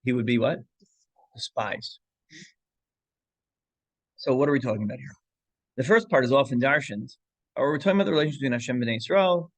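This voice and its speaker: A man's voice: medium pitch, animated, brisk, long pauses, dry recording. A man teaching an informal Torah class, telling a story with many restarts and asides, and mixing Hebrew and Yiddish terms into English.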